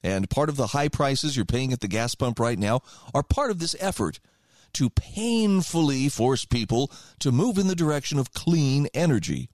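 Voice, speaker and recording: A man's voice: mid-range voice, very animated, moderate pace, a little mellow, no room sound, studio quality. A man hosting a radio talk show, giving opinion commentary in a conversational, emphatic way and reading passages aloud.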